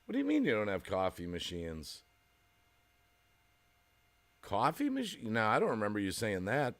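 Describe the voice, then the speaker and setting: A man's voice: on the low side, wildly swooping pitch, moderate pace. A man from the United States hosting a casual livestream, chatting with viewers and laughing often as he rambles. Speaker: livestream host. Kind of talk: casual chat reading viewer comments.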